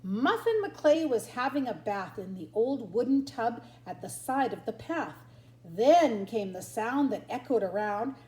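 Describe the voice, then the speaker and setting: An older grandmother reading a picture book aloud to her grandchildren in a lively sing-song manner. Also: a little high, unhurried. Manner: sing-song, lively storyteller, barks and yips for the dogs. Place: at home. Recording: roomy echo.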